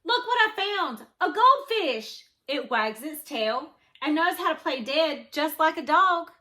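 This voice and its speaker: A woman reading a storybook aloud and voicing an eager male animal shelter keeper who keeps pitching odd pets in an upbeat, salesy way. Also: animated, unhurried, bright, forceful tone, heavily acted.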